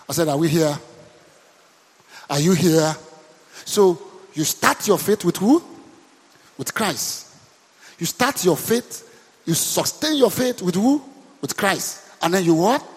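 A man with a slightly high, somewhat rough voice preaches as a pastor, calling questions out to his congregation and pressing them to answer back. His call-and-response style keeps repeating questions to the crowd, and the recording carries a long hall reverb.

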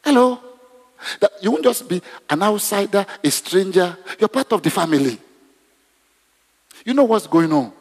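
A man's voice: sits high, animated, normal speed, pauses often. A man preaching a conversational sermon in a church, often asking the congregation questions. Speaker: pastor. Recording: long hall reverb.

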